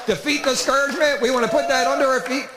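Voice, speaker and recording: A middle-aged man doing stand-up comedy at a church event, telling stories with big animated voices. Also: very high-pitched, fast. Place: church hall with live audience. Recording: roomy hall reverb.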